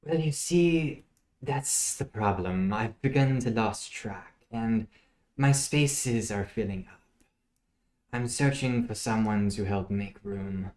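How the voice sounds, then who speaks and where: A man doing a hushed, sinister fey warden. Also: on the low side. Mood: measured. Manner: hushed, measured, ominous. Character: soft-spoken sinister male fey warden. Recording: echoey room.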